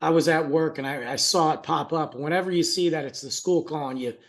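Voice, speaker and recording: A man's voice: a little high, fairly quick. A man co-hosting a podcast in casual chat, telling a family story animatedly and laughing often. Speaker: podcast co-host.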